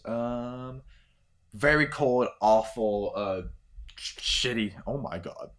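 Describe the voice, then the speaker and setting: A man's voice: mid-range voice, lively intonation, extremely slow, long pauses, fairly bright tone. A man narrating a tabletop role-playing game as game master, casual and rambling with lots of fillers.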